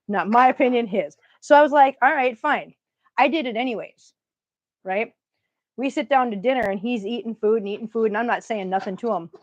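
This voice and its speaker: A woman's voice: fairly high pitch, brisk, dry recording, highs cut off. A woman with a Minnesotan accent hosting a casual livestream, chatting with viewers and telling stories. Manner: chatty, storytelling, greets viewers warmly. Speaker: livestream host.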